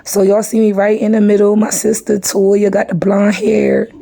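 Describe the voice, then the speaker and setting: Tired, husky-voiced woman vlogging. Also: mid-range voice, monotone, moderate pace, warm tone. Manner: chatty, addresses viewers as y'all. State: tired and a bit hoarse. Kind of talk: casual vlog chat to viewers.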